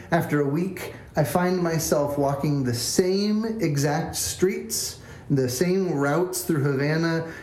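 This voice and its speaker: A man's voice: on the high side, darkish tone. A man, a pastor, telling a self-deprecating story as a sermon in a church. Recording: echoey church room.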